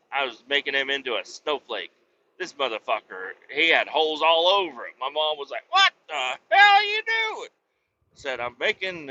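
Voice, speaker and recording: A man hosting a podcast, telling rambling childhood stories full of swearing and flying into loud rants. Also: mid-range voice, lo-fi sound, a little hiss or hum. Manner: rambling, swears a lot, rants loudly when interrupted. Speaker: podcast host. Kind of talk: profane comedic storytelling.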